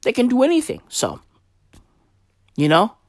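A voice delivering a casual rant straight to camera, unhurried and drawn out. The talk is profane and emphatic, hammering the same points again and again. The sound is dry, with no room around it. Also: mid-range voice, sing-song, dry recording. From South Africa. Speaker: vlogger.

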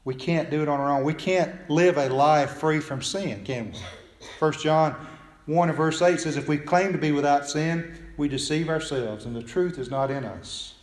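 A man preaching a sermon in earnest tones, often dropping soft and low at the ends of phrases. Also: normal speed, echoey room. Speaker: pastor.

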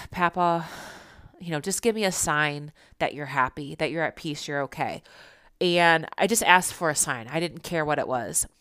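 A woman's voice: sits low, a bit bright, clean tone, no room sound, clean studio sound. A young woman telling a personal story and teaching about spiritual signs in an earnest, reassuring, conversational way.

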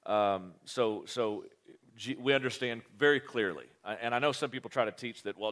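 A man with a fairly low voice talks through scripture in a relaxed, unscripted way. He wanders, restarts sentences and drops in blunt asides. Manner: rambling, many fillers and restarts, blunt asides. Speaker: co-host of a Bible study podcast. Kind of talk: casual Bible teaching talk.

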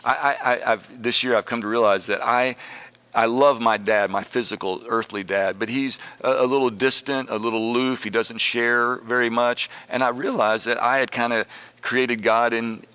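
A man sharing personal reflections in a casual Bible study conversation, speaking haltingly and reflectively. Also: mid-range voice, fairly even intonation, pushed and bright, clear, resonant tone. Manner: halting, reflective, with frequent restarts. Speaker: discussion participant.

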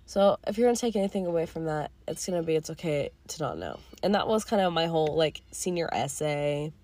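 Teen girl podcast host, lowish slightly hoarse voice, candid, rambling, swears casually. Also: lively intonation, fairly quick, darkish tone. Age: teens. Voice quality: voice going hoarse. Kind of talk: casual reflective monologue.

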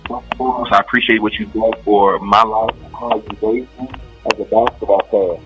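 A man from Maryland telling a personal story in a casual, animated way and acting out what people said. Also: lowish voice, moderate pace, lo-fi sound, soft background music. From Maryland, USA. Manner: animated, quotes people as he tells it.

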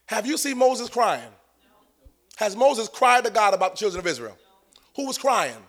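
A man preaching as a pastor, shouting and singing out phrases and acting out the voices of the people in his text. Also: sits high, very animated, normal speed, pauses often. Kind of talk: sermon.

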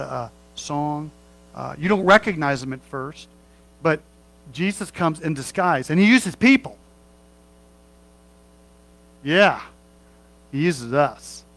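Folksy preaching man, slightly high voice. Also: gravelly, fairly bright tone, poor audio. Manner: folksy, conversational preaching with asides and humor. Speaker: pastor. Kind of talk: sermon.

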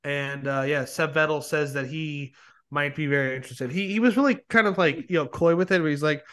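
A young man hosting a podcast, chatting casually in a rambling, excited way with plenty of swearing. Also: on the high side, fairly quick, clean tone. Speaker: podcast host. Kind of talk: casual chat.

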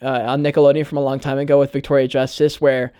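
A man's voice: mid-range voice, level tone, fast, mellow, smooth, dry recording. A young man talking in a casual vlog monologue, earnest and full of "like" and swearing. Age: young adult. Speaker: YouTuber.

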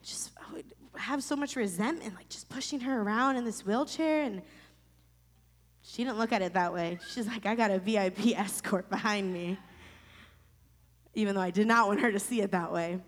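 Woman in her thirties from Florida, emotional and halting personal testimony, reverberant space. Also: mid-range voice, fairly bright tone. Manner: emotional, halting, many restarts. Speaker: storyteller sharing a personal testimony. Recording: long reverb.

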